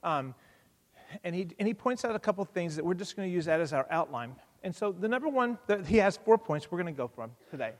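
A man preaching a sermon and leading a prayer, earnest, with frequent fillers and restarts, growing louder on key points. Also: high-pitched, lively intonation, fairly quick, big-room sound. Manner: earnest, repeats words, many fillers and restarts. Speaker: pastor.

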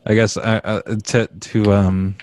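A man's voice: on the low side, little pitch movement, slow, darkish tone. A man hosting a podcast in casual chat, joking, laughing often and trailing off into fillers. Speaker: podcast host.

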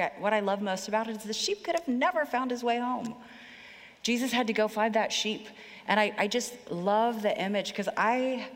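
A woman's voice: medium pitch, in a large hall. A woman talking earnestly and reflectively about a favorite Bible story in a casual faith conversation.

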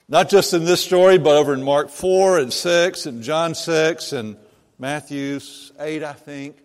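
A man preaching a sermon, talking slowly and deliberately in a slightly higher voice. His words ring out in a church sanctuary with a long, lingering reverb. He reads the scripture first and then explains it in a lively, conversational way. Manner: slow and animated, voicing the disciples and Jesus in quoted lines. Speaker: pastor. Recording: long reverb of a large hall.

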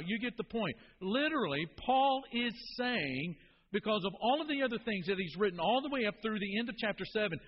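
A man's voice: high voice, lively intonation, fairly quick, breathy edge. A man preaching a sermon as a pastor, talking to the congregation in an emphatic, conversational way. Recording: dull reverberant hall recording.

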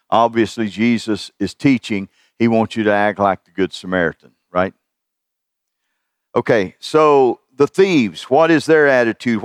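A man's voice: mid-range voice, clear, resonant tone, dry recording, studio quality. A middle-aged man preaching a sermon in a folksy, conversational way, chuckling at his own asides. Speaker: pastor.

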